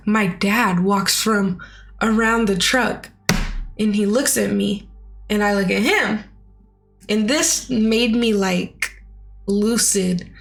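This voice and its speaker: A woman's voice: a little high, a bit bright. Chatty young woman telling a story. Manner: chatty, full of "like" and "you know" fillers. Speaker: vlogger. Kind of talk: casual storytelling.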